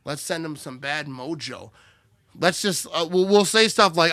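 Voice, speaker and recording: A man's voice: a little high, lively intonation, measured pace, no echo, studio quality. A man hosting a live watch party, joking and calling plays, a bit tipsy. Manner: loud, joking play-by-play banter. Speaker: livestream host.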